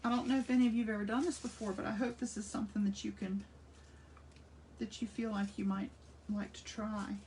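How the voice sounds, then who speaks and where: A woman's voice: mid-range voice, little pitch movement, a little fast, darkish tone, distant mic. Chatty older woman demonstrating collage. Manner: chatty and enthusiastic, thinking aloud while working. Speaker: art instructor. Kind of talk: casual craft demonstration. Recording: voice slightly off-mic with faint room noise.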